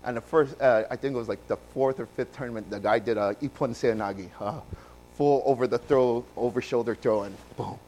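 A man from Hawaii, telling his own story in a sermon and swinging between loud bursts and hushed passages. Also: medium pitch, fairly quick, a little hiss or hum, rough recording.

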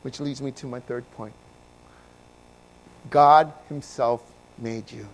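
A man preaching a sermon, moving from quiet, low passages to loud, emphatic ones and asking his listeners questions. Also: fairly even intonation, takes it slowly, a little hiss or hum. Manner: swings from soft and low to loud and emphatic, asks the congregation questions. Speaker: pastor.

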